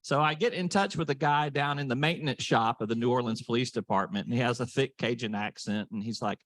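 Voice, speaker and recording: A man's voice: medium pitch, brisk, few pauses, fairly bright tone, no echo. A man leads a panel in a meeting room. He tells stories in a loose, folksy way full of fillers. The sound is dry and close. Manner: folksy storyteller with many fillers. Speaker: panel moderator. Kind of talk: casual anecdote and moderating.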